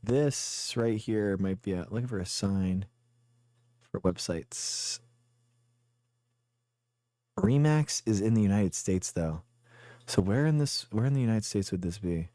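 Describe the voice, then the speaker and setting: A man's voice: lowish voice, expressive, unhurried, pauses often, warm tone, no echo. A man streaming a guessing game live, rambling and thinking aloud as he plays. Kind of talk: casual live game commentary.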